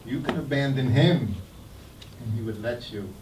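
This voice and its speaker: An older man, telling stories about his memories in an animated way and laughing as he goes. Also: mid-range voice, moderate pace, background noise. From United States. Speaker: guest speaker sharing memories. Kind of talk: anecdotal storytelling talk. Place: temple hall. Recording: echoey hall, mic at a distance.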